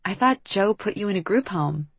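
A woman's voice: mid-range voice, expressive, normal speed, fairly bright tone, husky, no echo, pitched above the performer's own voice. A woman voicing a young woman who is a blunt, worried best friend, pressing for answers. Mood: concerned.

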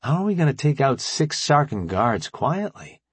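A nervous young man who keeps dragons, puzzled and full of questions, as a man voices him. His voice rises high with each query. The audiobook reading is dry and up close. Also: big pitch swings, normal speed, breathy edge, dry recording.

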